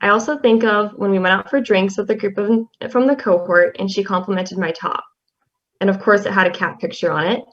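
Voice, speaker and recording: A young woman, a class representative, reading a tribute poem in a soft-spoken, halting way with fillers. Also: medium pitch, steady tone. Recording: slightly dull lo-fi audio.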